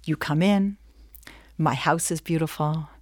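A woman Jewish educator giving a lively lesson, acting out scenes as she tells stories. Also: low voice, measured pace, dry recording, clean studio sound. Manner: animated storyteller acting out scenes. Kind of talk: lively teaching talk.

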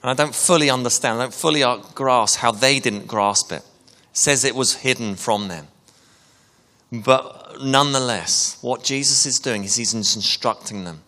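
A man gives a church sermon in an easy, chatty manner, often breaking off with fillers and animated asides. His voice is bright and forceful. It rings with the long reverb of a church hall. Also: medium pitch, normal speed. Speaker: preacher.

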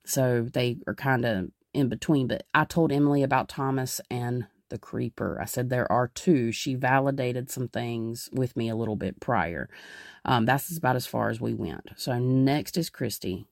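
A woman hosts a podcast in a loose, rambling way, circling back on her sentences. Her voice has a gravelly fry. The sound is dry and close. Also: very deep voice, moderate pace, darkish tone, dry recording. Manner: rambling, many fillers and restarts. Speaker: podcast host. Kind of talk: casual podcast narration.

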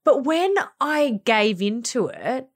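A woman's voice: a little high, big pitch swings, slow pace. A woman co-hosting a parenting podcast, chatting candidly and swearing casually. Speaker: podcast co-host. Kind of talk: casual chat.

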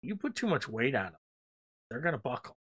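A man's voice: mid-range voice, sing-song, brisk, a bit bright, slightly rough. A man co-hosting a casual podcast chat, rambling enthusiastically with lots of fillers. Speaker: podcast co-host.

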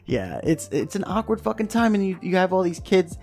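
A man's voice: high voice, moderate pace, soft background music. A young man from New York on a casual podcast, telling stories with lots of swearing. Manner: swearing, animated storytelling. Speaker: podcast co-host. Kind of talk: casual chat.

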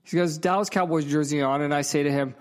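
A man's voice: on the high side, steady tone, fast talker. Man, casual vlog rant, swearing a lot, heated and emphatic, talks straight to the viewer. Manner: digressive, with asides to the viewer. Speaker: vlogger.

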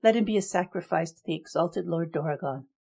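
A woman voicing a cold young male emperor who speaks in measured, formal decrees in a storybook reading. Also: on the low side, vocal fry, mellow, breathy edge.

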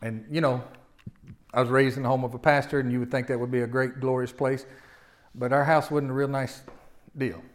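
A man in his forties preaching a sermon, moving from quiet personal storytelling to loud, impassioned exhortation. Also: mid-range voice, level tone, a little fast. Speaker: pastor.

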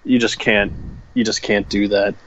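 Speaking at a normal pace, a man with a lowish, fairly bright voice and little pitch movement co-hosts a podcast. His casual chat rambles with frequent fillers and restarts, captured on lo-fi sound.

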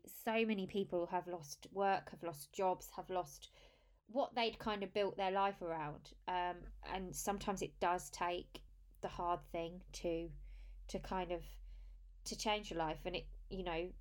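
A woman hosting a podcast, leading a casual interview with fillers and restarted phrases. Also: on the low side. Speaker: podcast host.

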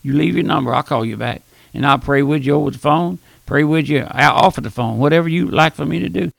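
Gravelly, boisterous older preacher. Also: male voice, on the high side, a little fast, no echo. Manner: boisterous, repetitive, folksy preaching. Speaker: radio preacher. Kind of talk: fiery radio sermon.

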